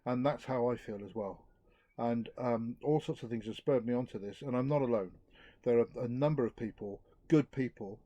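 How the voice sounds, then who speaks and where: A middle-aged man giving an earnest outdoor talk to a youth group, reflective and lively. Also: medium pitch, dry recording, muffled recording. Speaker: youth speaker.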